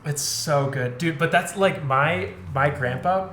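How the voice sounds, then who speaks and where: A man's voice: a little high, a bit bright. A young man co-hosting a podcast, chatting casually and telling a story between laughs. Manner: loose, laughing storyteller who does quick funny voices. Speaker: podcast co-host. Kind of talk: casual chat. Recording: roomy sound with faint noise.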